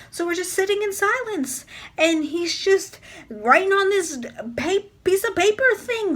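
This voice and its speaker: A woman's voice: extremely high pitch, expressive, moderate pace, fairly bright tone. A young woman telling a story in a casual vlog, rambling and chatty with lots of filler words. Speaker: vlogger.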